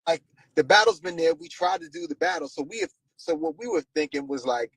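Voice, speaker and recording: A man's gravelly, husky voice, heard in a dry clip from an interview. He speaks as a guest, explaining at length. His talk is full of fillers and restarts, and his pitch swings widely. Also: wildly swooping pitch, a little fast, a bit bright, dry recording, rough recording.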